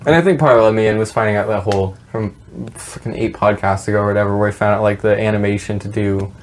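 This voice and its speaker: A man's voice: on the low side, fairly even intonation, fast talker. Rambling sweary podcast guy. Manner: rambling, sweary, laughing retellings. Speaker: podcast co-host. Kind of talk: casual chat. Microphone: podcast mic.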